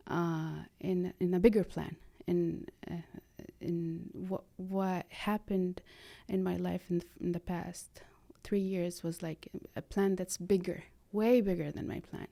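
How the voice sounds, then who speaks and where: A woman, speaking earnestly and haltingly as a podcast guest, slipping in phrases. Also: on the low side, steady tone, creaky, dark tone. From Lebanon. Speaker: guest, art therapy practitioner. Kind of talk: conversational podcast interview.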